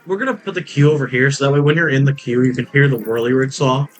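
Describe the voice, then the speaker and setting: A let's-play gamer with a medium-pitched voice talks fast over a theme park building game, joking casually, rambling, and laughing at his own gags. The recording quality is rough.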